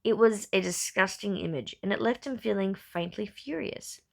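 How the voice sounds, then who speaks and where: Woman narrator, hobby audiobook reading; gravelly fry, mid-pitched, steady and unpolished with small self-corrections. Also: moderate pace.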